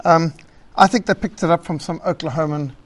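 A man teaching a church group about public speaking, emphatic and lively, listing his points and acting out rambling callers. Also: on the high side, brisk. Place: meeting hall.

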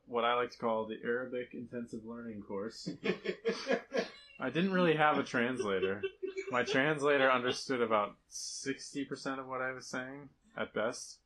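A man's voice: medium pitch, a little hiss or hum, poor audio. Laughing man telling mission stories. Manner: storytelling, animated, laughs often. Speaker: mission trip speaker. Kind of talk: casual slideshow talk to a church group.

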